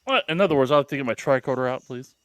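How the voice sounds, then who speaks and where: A man playing a tabletop game, chatty and quick to laugh, asking the game master about checks. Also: medium pitch, lively intonation, dry recording. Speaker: player. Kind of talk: casual play at the table.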